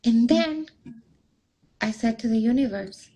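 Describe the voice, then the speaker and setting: On a podcast, a young adult relationship coach recounts something from her own life during an interview, performing the quoted dialogue in a raised, animated voice. She speaks at a measured pace in a fairly high voice, captured on poor audio.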